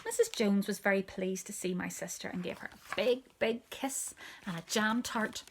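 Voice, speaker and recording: A woman telling a children's story aloud, storybook style. She reads expressively, slipping into a hushed near-whisper for the quieter asides. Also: mid-range voice.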